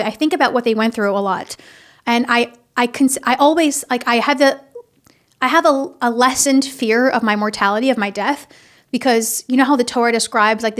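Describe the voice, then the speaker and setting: A young woman hosting a casual, heartfelt podcast, talking earnestly and haltingly, with many restarts and fillers. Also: on the high side, fairly bright tone. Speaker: podcast host. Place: home in Florida.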